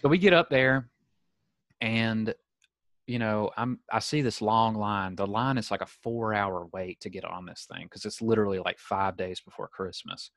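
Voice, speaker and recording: A young man with a low voice hosts a podcast over a video call. He tells stories in a loose, animated way and acts out the voices of the people in them. The sound is dry and close. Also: normal speed, no echo. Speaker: podcast host. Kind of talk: casual storytelling chat.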